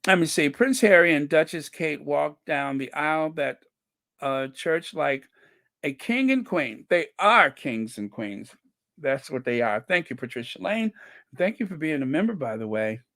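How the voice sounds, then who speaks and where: A man hosting a casual livestream, reading viewer comments aloud slowly and chuckling between them. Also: fairly high pitch, animated, a bit bright, dry recording, studio quality. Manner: slow and chatty, reads comments aloud with frequent "let me see" and chuckles. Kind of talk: casual live-chat commentary.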